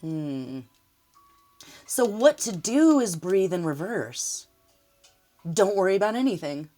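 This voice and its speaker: A woman's voice: medium pitch, very animated, takes it slowly, dark tone, soft background music. A woman giving a casual spoken tarot reading, talking in a rambling, emotional way and often laughing. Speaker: tarot reader.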